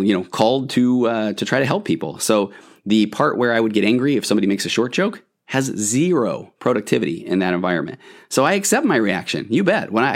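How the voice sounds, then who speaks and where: A man working as a therapist, explaining a therapy model on a podcast in an enthusiastic, conversational teaching way with self-deprecating humor. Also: lowish voice.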